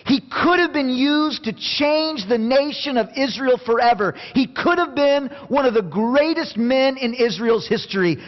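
A man preaching a sermon, passionate, going from quiet to near shouting and acting out scripture quotes. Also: very high voice. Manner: plays out Bible quotes in acted voices. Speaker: pastor. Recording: dull sound with long hall reverb.

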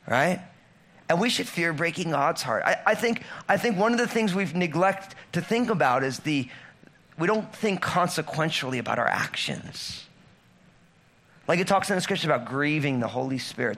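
A man in his thirties preaching a sermon, conversational, swinging between loud emphatic lines and low quiet ones. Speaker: pastor.

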